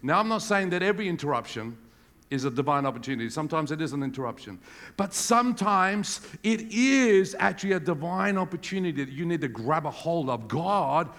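A male preacher giving an animated sermon, acting out the voices of people in his stories. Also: fairly high pitch, a little fast. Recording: reverberant hall.

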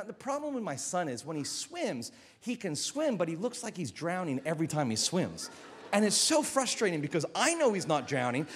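Male pastor, middle-aged, lively sermon storyteller with a very expressive pitch. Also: big-room sound. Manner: animated storytelling, acts out voices.

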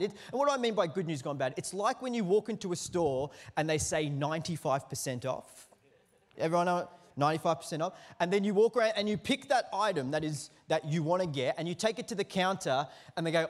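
A man, preaching a sermon as a lively storyteller who acts out the quotes in his anecdotes. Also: high voice, fairly quick. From Australia. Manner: animated storyteller acting out quotes, lively swings in loudness. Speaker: pastor.

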